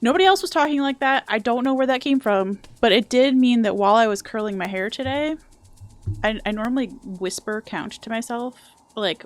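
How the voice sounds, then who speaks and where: A woman's voice: on the high side, fairly quick, dry recording. A young adult woman streaming a video game, chatting casually and sarcastically and swearing now and then. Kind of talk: casual live-stream chat.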